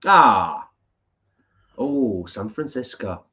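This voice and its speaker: A man's voice: on the low side, expressive, very slow, pushed and bright. A man co-hosting a live stream, chatting casually and reading out viewer comments. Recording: dull lo-fi stream audio.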